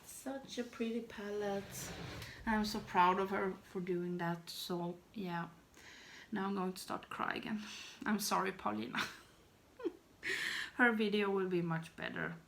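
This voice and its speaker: A woman's voice: medium pitch, measured pace, vocal fry, long pauses, fairly bright tone, a little hiss or hum. A woman in her thirties, a beauty vlogger, chatting to camera in a rambling, self-deprecating, giggly way. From Sweden. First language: Swedish. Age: 30s. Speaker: beauty YouTuber. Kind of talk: casual chat to camera.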